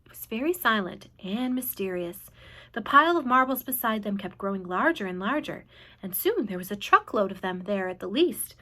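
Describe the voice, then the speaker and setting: A woman reading a children's book aloud in an expressive, animated way. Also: medium pitch, moderate pace. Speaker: storyteller.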